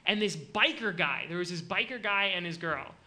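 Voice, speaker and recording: A man hosting a comedy podcast, telling animated stories in casual chat with many filler likes. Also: high voice, normal speed. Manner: animated storytelling, frequent likes.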